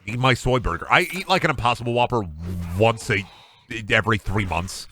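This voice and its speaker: A man's voice: medium pitch, animated, brisk, sharp tone, slight background noise. A man streaming a game, chatting casually and ranting in a joking way with a lot of swearing. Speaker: gaming streamer. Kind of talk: casual live-stream chat.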